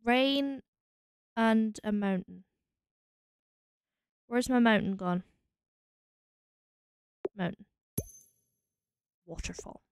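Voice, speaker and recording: A woman's voice: a little high, very slow, creaky, pauses often, smooth, no echo, clean studio sound. A Scottish woman streaming a game, musing aloud as she tries out combinations. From Scotland. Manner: musing, trying combinations out loud. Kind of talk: casual thinking aloud while playing.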